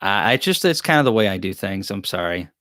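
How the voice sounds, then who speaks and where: A man's voice: sits low, big pitch swings, a little fast, fairly bright tone, no echo, clean studio sound. A man hosts a live-stream Q&A, reading chat questions aloud and answering them in a joking, rambling, self-deprecating way. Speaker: beekeeping channel host.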